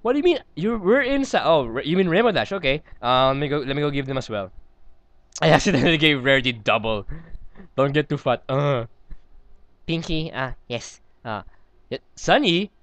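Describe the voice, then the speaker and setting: Smooth-voiced giggly gaming man. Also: a little high, animated, normal speed, fairly bright tone, dry recording. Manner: giggly, rambling, talks to himself. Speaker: let's play host. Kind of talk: casual gameplay commentary.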